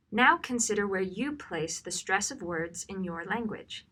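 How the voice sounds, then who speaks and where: A woman narrates a training lesson in a clear, bright voice. She speaks slowly and deliberately. She stresses the example lines to show their rhythm. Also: mid-range voice. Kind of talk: scripted instructional narration.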